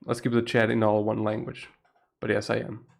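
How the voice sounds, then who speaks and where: A young man from Portugal with a Portuguese accent, keeping his voice low at night while chatting on a live stream, laughing often and swearing casually. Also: little pitch movement, a little fast, vocal fry. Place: home room at night.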